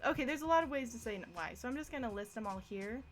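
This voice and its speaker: A young woman with a slightly high voice talks through a casual language lesson, chatty and quick to laugh at her own slips. Faint music plays softly behind her. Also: expressive. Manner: chatty, self-deprecating, laughs often. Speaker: language teacher. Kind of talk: casual live-streamed lesson.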